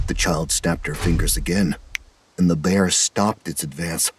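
A man narrating a horror story in a measured, dramatic manner. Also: deep voice, fairly even intonation, slight background noise.

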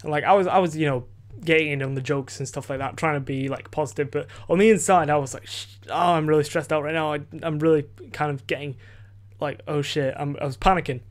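Fast-rambling teenage boy. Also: a little high, fairly even intonation. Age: teens. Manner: rambling, many fillers and restarts, swears freely. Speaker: podcast host. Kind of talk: casual storytelling. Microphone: desk microphone.

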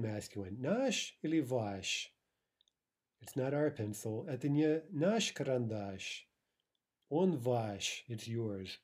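A man's voice: mid-range voice, darkish tone. A man teaching a recorded language lesson, explaining examples step by step and often checking in with "right?".

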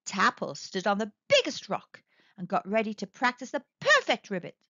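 Animated woman reading a children's story. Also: mid-range voice, normal speed, dry recording. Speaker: storybook reader. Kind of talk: children's read-aloud narration. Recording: dry, slightly dull recording.

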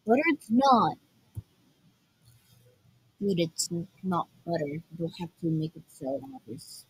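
A woman doing casual reaction commentary, breaking into quick incredulous outbursts. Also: lowish voice, lively intonation, breathy edge, rough recording. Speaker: video reactor.

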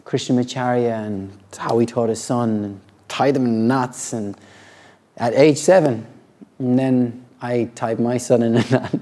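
Mellow-voiced earnest middle-aged man. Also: mid-range voice. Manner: earnest, halting, with frequent restarts. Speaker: yoga teacher. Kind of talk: reflective personal talk.

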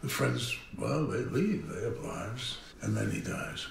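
An actor playing a frail, wry old man who speaks in a gravelly, unhurried way, from a TV drama clip. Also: lowish voice, very animated, slight background noise, exaggerated voice. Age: older. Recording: roomy film clip with faint ambience, distant.

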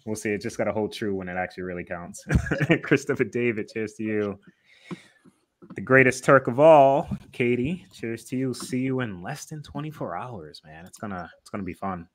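A man's voice: on the low side, expressive, normal speed, no room sound. A man co-hosting a casual livestream, laid back and laughing often as he reads out names from the chat. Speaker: livestream co-host.

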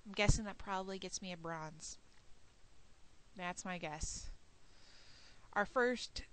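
A woman's voice: medium pitch, unhurried, pauses often, a bit bright, clear, resonant tone, low-quality recording. A woman casually commentating her gameplay outdoors at night, muttering and swearing under her breath at missed shots. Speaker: let's play host.

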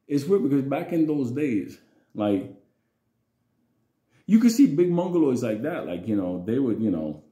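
A man telling a childhood story in a rambling, profane, animated way. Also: medium pitch, echoey room. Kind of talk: casual storytelling vlog.

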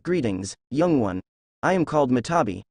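A man voicing a calm, polite giant female cat spirit in a read-aloud story. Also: medium pitch, moderate pace, no room sound. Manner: calm, courteous.

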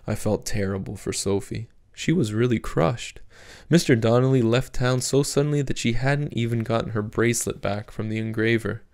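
A man narrating an audiobook chapter in a steady, measured reading. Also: mid-range voice, gravelly. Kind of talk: scripted narration.

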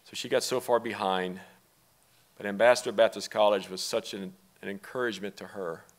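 A middle-aged man, a father speaking at a memorial service, talking softly and haltingly, with pauses. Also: fairly low pitch, fairly even intonation. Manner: soft-spoken, halting, with pauses. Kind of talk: personal eulogy and reading aloud. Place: church sanctuary.

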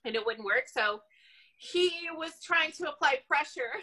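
High, bright-voiced woman telling a story. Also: measured pace, low-quality recording. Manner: animated, laughs often while telling. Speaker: animal control officer. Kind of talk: casual storytelling.

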